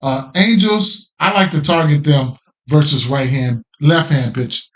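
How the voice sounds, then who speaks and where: A man with a slightly higher voice hosting a sports betting podcast. He talks casually through his picks in loose street slang, repeating phrases and tossing in "right?" as he goes. The delivery is relaxed and off the cuff. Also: a little slow.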